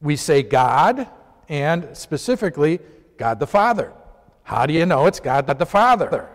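A man's voice: fairly high pitch, big pitch swings, unhurried. A man leading an informal Bible lesson, talking conversationally and putting questions to his class. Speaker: Bible study teacher. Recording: long hall reverb.

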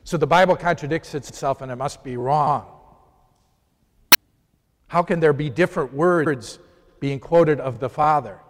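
A man's voice: on the high side, unhurried, pauses often. Man teaching in a reverberant hall. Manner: conversational, poses questions to the class. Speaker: Bible study teacher. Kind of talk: informal Bible lesson.

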